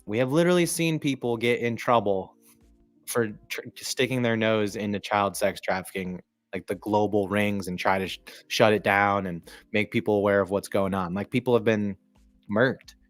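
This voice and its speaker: Low-voiced man rambling on a live stream. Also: fairly even intonation, moderate pace, no room sound, soft background music. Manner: casual, profane, rambling, often clears throat. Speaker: livestream sports commentator.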